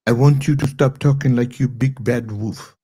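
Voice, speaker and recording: A man's voice: medium pitch, steady tone, moderate pace, warm tone, husky, close to an everyday voice. A man voicing a blustering foreign strongman in a mock Russian accent, making comic threats in broken English during an impression skit. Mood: taunting.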